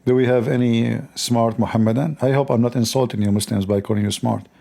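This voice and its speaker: The host of a call-in debate show, a man whose first language is Arabic, delivers combative live-stream commentary in a mocking, repetitive, emphatic way. His medium-pitched voice is steady, fast, gravelly and dark in tone.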